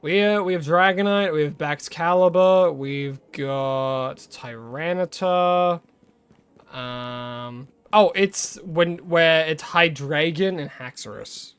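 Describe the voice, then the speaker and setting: Chatty Australian man, fairly high voice. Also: takes it slowly, fairly bright tone, smooth, no echo. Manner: chatty, greets viewers, rambles and corrects himself. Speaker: live streamer. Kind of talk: casual live-stream chat while playing.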